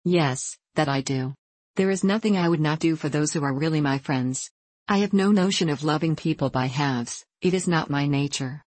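A woman's voice: low voice, normal speed, a little mellow, no room sound. A woman reading aloud, voicing a gushing, effusive young woman in an audiobook.

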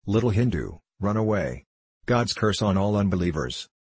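Storybook role: a man doing a gruff, suspicious old trader, deep and husky. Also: big pitch swings, moderate pace, no echo. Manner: blunt, suspicious, commanding. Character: gruff elderly male Afghan horse trader.

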